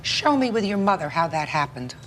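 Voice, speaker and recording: A woman's voice: on the low side, very animated, fairly quick, a little hiss or hum. A woman judge questioning a litigant in court, blunt and skeptical.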